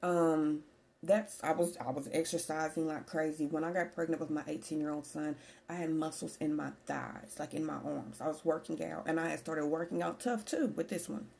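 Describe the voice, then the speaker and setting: A woman in her forties speaks candidly and in a chatty way to her vlog audience, looping back over her points. Her voice sits low and has a gravelly edge. The tone is dark and mellow. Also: steady tone, normal speed. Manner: candid, chatty, repeats herself. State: slightly out of breath. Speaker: vlogger. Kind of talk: casual personal vlog.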